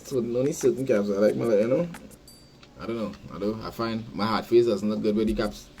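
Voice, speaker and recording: A man with a Trinidadian accent hosting a live sports podcast, rambling casually, repeating words and giving shout-outs to listeners. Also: fairly low pitch, fairly even intonation, brisk, slight background noise. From Trinidad and Tobago. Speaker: podcast host.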